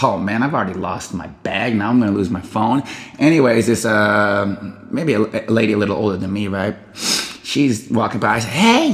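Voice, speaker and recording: A man rambling through a personal story in a casual, unscripted way. He loses the thread and picks it back up. He leaps into high, lively voices whenever he quotes someone. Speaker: vlogger telling a personal story.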